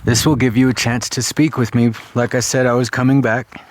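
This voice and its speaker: A man with an average-pitched voice wanders through an abandoned mining town and the empty houses around it. He talks out loud to spirits he cannot see, asking them questions in a casual, searching tone. He swears every so often. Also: level tone, fairly quick, a little hiss or hum. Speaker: paranormal investigator. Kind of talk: ghost hunting vlog. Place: abandoned ghost town, outdoors and in old houses.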